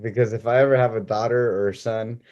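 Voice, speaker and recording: A man hosts a relaxed podcast chat in a mid-range voice. He asks his guest loose, enthusiastic questions, tripping over his words as he goes. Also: mid-range voice, quick pace, muffled recording. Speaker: podcast host. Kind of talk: casual interview conversation.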